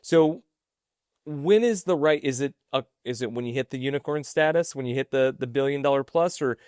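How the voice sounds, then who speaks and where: A man co-hosting a podcast in casual business chat, chatty and quick with short affirmations. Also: mid-range voice, a little mellow, smooth, no echo, clean studio sound. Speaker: podcast co-host.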